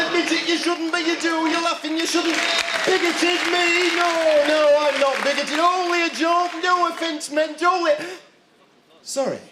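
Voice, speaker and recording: A man's voice: very high-pitched, noisy background. A British man doing a zany, rambling stand-up routine on a live TV stage. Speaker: stand-up comedian. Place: TV studio with audience. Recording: echoey live studio, loud audience.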